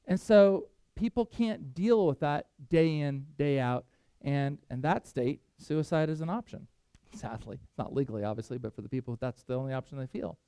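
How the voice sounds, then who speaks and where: A man's voice: high voice, a little mellow, clean tone, dry recording. A man preaching a sermon, earnest and conversational, with self-deprecating asides. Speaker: pastor.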